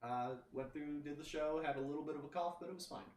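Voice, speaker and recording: A man hosts a relaxed podcast chat, wandering through his story with restarts and filler words. He sits back from the microphone in a roomy space. A faint hum sits under his voice. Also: a little high, quick pace. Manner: rambling storyteller, many restarts and "you know". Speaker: podcast host. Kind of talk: casual chat. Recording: roomy, distant mic, faint background noise.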